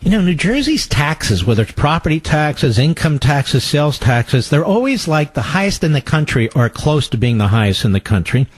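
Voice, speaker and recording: A man's voice: on the high side, very animated, moderate pace, hardly any pauses, slightly rough, no room sound. A male radio talk show host interviewing a guest, emphatic and combative. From Philadelphia.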